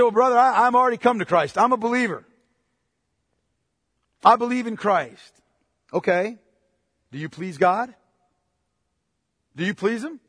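A male preacher delivering a sermon, asking his listeners pointed questions and swinging from hushed tones to forceful, impassioned lines. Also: very high-pitched, no echo, clean studio sound, in a large hall. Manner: presses listeners with repeated direct questions.

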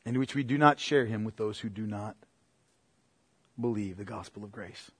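A man's voice: breathy edge, dry recording. A man preaching a sermon, emphatic and searching, calling his listeners "beloved" and pressing them with questions. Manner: emphatic, rising to forceful preaching, then dropping low and slow; addresses listeners as "beloved", asks pointed questions. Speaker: pastor.

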